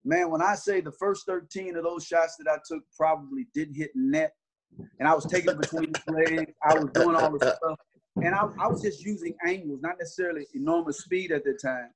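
A man's voice: a little high, fairly quick, noisy background. A middle-aged man, a basketball trainer, telling stories in a casual interview with earnest, repeated restarts.

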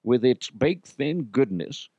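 A man's voice: mid-range voice, animated, slow pace, mellow, breathy edge, muffled recording, exaggerated voice. A crude, lecherous old character who drawls every boast with smug relish. A man puts this voice on. The sound is dry and close, with no room echo.

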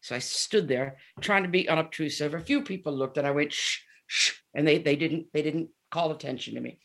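A gravelly-voiced woman of seventy chats as a guest in a casual interview. She tells stories with animation and acts out the dialogue in them. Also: low-pitched, brisk. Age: 70s. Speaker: guest musician.

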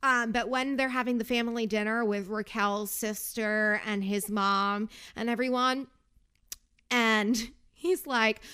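A woman's voice: a little high, steady tone, unhurried, bright, forceful tone, clean tone. A young woman hosting a casual podcast, chatty and sarcastic, going off on tangents while recapping a reality show. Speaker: podcast host.

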